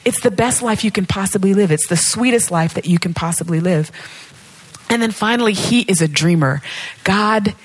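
A woman with a husky, slightly breathy voice delivers a sermon. She preaches in an animated, playful way and acts out back-and-forth conversations with God. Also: medium pitch, moderate pace.

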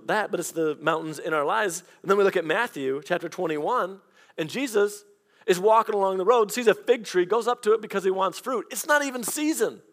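A man preaching a sermon as pastor, telling personal stories in a lively conversational way. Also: high voice. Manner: storytelling, animated and conversational.

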